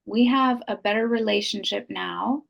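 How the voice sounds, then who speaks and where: A woman's voice: medium pitch, normal speed, gravelly. A middle-aged woman, a podcast guest, telling an emotional personal story in an earnest, heartfelt way and repeating phrases for emphasis.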